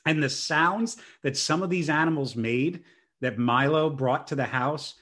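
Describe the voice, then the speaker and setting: A young man telling a story in a casual chat, animated and self-mocking. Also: on the high side, a little slow.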